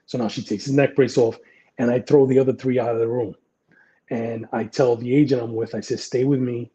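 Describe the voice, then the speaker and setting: A man's voice: medium pitch, steady tone, a little fast, dark tone, highs cut off. A middle-aged man, a retired police detective, telling blunt, profane anecdotes in a casual interview.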